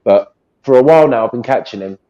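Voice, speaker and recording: A man's voice: mid-range voice, fast, mellow, highs cut off. A man with an English accent, chatting casually about boxing as a co-host, rambling and friendly. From England. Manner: chatty, rambling, says mate.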